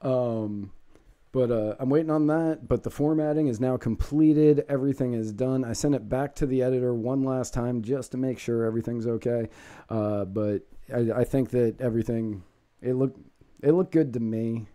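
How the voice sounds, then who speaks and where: A man hosting a podcast in casual chat, talkative and quick to laugh. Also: medium pitch, dark tone. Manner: chatty, laughs often. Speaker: podcast host.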